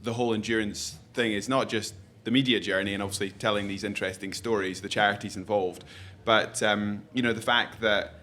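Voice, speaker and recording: A man hosting a live podcast conversation, talking quickly with many restarts and rambling asides. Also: on the low side, fairly even intonation, bright, forceful tone. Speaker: podcast host. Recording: faint ambient noise, live event.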